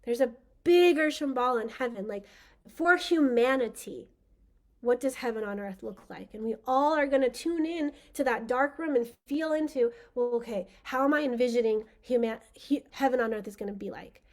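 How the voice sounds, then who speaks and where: A woman's voice: fairly high pitch, normal speed, darkish tone. A woman hosting a spiritual workshop, talking in a casual, enthusiastic, rambling way with lots of fillers. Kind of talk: casual teaching talk.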